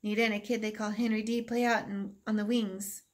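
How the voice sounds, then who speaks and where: A woman teacher reading a novel aloud, narrating in a steady storytelling manner. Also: medium pitch, a little fast. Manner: steady storytelling, plain delivery.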